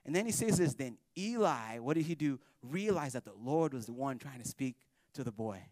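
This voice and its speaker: A male pastor preaching a sermon in a joking, animated storytelling manner. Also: medium pitch, normal speed, dry recording, studio quality. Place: church.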